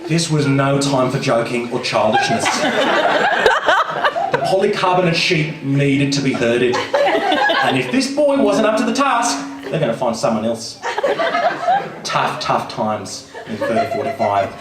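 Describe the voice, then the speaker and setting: A man with a mid-range, sing-song voice performs live comedy storytelling a little slowly, camp and theatrical, with frequent giggles. Recorded in an echoey small venue, far from the mic with music playing, the audio is very noisy.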